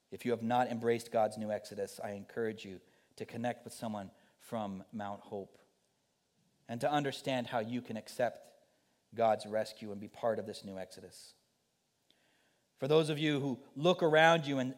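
Guy preaching in church, gets loud and pleading then goes real quiet. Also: medium pitch. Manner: rises to urgent pleas, then drops to soft quiet lines. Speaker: missionary preacher. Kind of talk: sermon.

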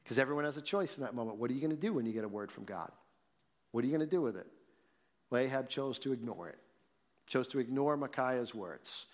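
A man preaching a sermon, reading scripture slowly and then explaining it in a conversational way. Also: medium pitch, expressive. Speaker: pastor. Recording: long reverb in a large hall.

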